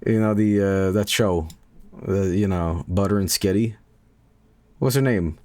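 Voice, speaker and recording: A deep-voiced man from Sweden chats loosely with his stream viewers. He rambles, jokes and swears freely, filling gaps with ums and likes. The sound is close and dry, with no room echo. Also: a little slow, warm tone. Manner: rambling, joking, profane, with filler words. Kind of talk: casual chat to stream viewers.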